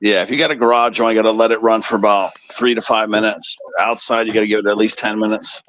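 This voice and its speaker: A man's voice: on the low side, fairly even intonation, quick pace, fairly bright tone, dry recording, poor audio. A man in a casual stream chat, easygoing and full of practical advice. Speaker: guest on a stream.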